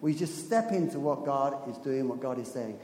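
Speaking at normal speed with lively intonation, this man has a medium-pitched, darkish voice. His sermon is conversational and story-driven, full of laughter and repeated phrases for emphasis, and it rings through an echoey hall with faint background room noise.

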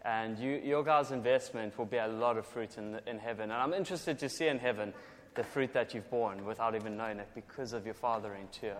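A man from South Africa with a South African accent, preaching a jokey, lively sermon and having the congregation repeat scripture lines. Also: lowish voice, fairly quick. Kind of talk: sermon with call-and-response scripture reading. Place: church hall. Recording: long echo of a large hall.

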